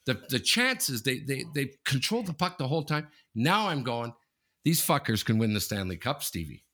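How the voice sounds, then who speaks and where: A man co-hosting a casual sports podcast, talking in an animated, repetitive way, often tossing in "okay?" and swearing freely. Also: medium pitch, moderate pace. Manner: animated and repetitive, keeps saying "okay?" and the host's nickname. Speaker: podcast co-host.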